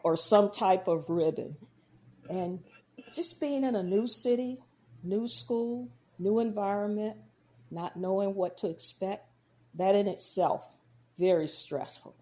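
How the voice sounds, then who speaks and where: A woman with a Midwestern accent tells her life story as a guest on a podcast. Her voice is warm and mellow, and she sits at a comfortable middle pitch. She brings the memories to life by playing out the dialogue. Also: slow. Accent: Midwestern American. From Georgia, US. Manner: storytelling, acts out quoted dialogue. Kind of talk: personal testimony in conversation.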